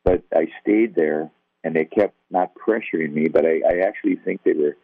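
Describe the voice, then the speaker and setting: A man's voice: low voice, normal speed, vocal fry, dry recording. An older man telling a personal testimony in a conversational, self-deprecating way, acting out the voices in his story. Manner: conversational, self-deprecating, acts out quoted dialogue. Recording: tinny, phone-like, dry.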